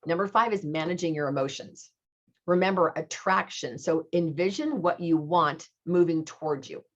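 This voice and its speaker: A middle-aged woman with a low voice gives her sales team an upbeat coaching talk and presses her points by repeating them. The recording sounds dull and lo-fi. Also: moderate pace. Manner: upbeat and coaching, repeats key phrases for emphasis.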